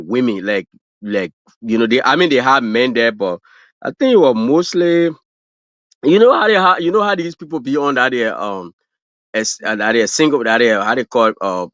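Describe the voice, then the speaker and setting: Brief: African-accented man, casual guest, rambly, filler-heavy, mid pitch, dull dry stream sound. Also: a bit bright, no room sound. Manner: rambling, full of fillers and restarts, laughs at his own stories. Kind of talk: casual livestream chat.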